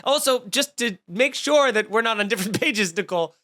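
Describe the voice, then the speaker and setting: A man's voice: very high voice, expressive, bright, forceful tone. Snarky man ranting on a podcast. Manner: snarky, profane, rapid riffing with mock outrage. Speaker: podcast host. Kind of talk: comedic ranting monologue.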